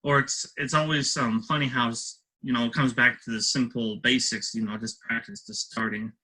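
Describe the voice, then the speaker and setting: A man's voice: mid-range voice, fairly even intonation, moderate pace, pushed and bright, husky, low-quality recording. A man hosting a podcast interview, asking long, rambling questions full of fillers.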